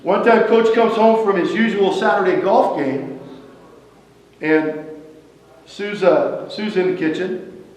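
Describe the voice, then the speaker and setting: A man's voice: high voice, slow pace, pauses often, a little mellow. A man in his sixties telling stories at a roast, building each one to a punchline. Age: 60s. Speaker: former wrestler giving a roast speech. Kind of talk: anecdotal roast speech. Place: event venue hall. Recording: echoey hall, distant mic, faint noise.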